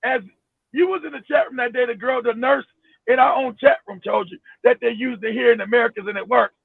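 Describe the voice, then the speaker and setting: A man hosting a live stream, ranting with emphasis and profanity, often shouting and repeating himself. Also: very high voice, steady tone, a little fast, gravelly, slightly rough, no echo. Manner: repeats himself, many restarts. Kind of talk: heated live-stream rant. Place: home in Florida. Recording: phone-like, dry, narrow sound.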